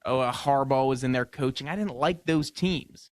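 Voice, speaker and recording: A young man co-hosting a local sports radio show, agreeable and casual, with halting restarts. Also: medium pitch, no room sound.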